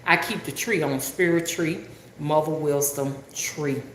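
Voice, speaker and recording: A spiritual rootworker livestreams with a Southern Alabama drawl, talking casually and rambling while often asking viewers if they understand. Her voice is low and unhurried, reverberant, with slight background noise.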